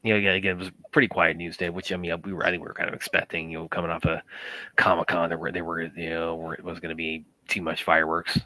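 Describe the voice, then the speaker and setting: A man co-hosting a casual stream chat, halting and often repeating his words. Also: low voice, flat delivery, bright, forceful tone, no room sound. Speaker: co-host.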